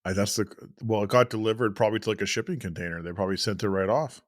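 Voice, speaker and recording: A man's voice: lowish voice, rapid-fire, dry recording, studio quality. A man co-hosting a food podcast, rambling casually with lots of fillers. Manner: rambling, filler-heavy, laughs often. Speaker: podcast co-host.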